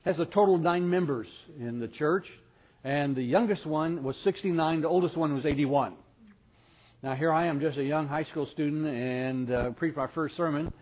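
Animated male preacher, dull lo-fi sound. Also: a little high, moderate pace. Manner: animated storyteller who acts out voices. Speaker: speaker at a parenting conference. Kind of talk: humorous preaching with storytelling. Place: conference hall before an audience. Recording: dull lo-fi recording with faint noise.

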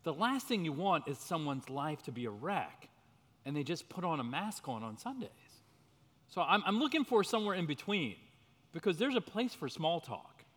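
Animated man leading a church workshop. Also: a little high, moderate pace. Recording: reverberant hall.

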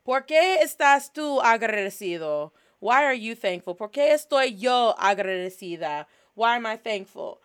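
A woman's voice: a little high, animated, moderate pace, hardly any pauses, a bit bright, clean tone. A woman hosting a language lesson in a casual, upbeat teaching style, moving between English and Spanish. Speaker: host.

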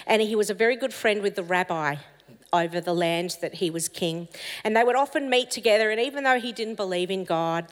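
A woman of Italian heritage preaching a sermon, telling stories in an animated, expressive way. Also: mid-range voice. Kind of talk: storytelling sermon. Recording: long hall reverb.

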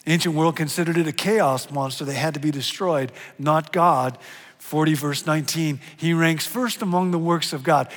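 Middle-aged pastor guy preaching, goes hushed then loud, kinda high voice, big echoey church hall. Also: moderate pace. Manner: animated, swings from hushed to loud emphatic. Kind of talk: sermon. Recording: long hall reverb.

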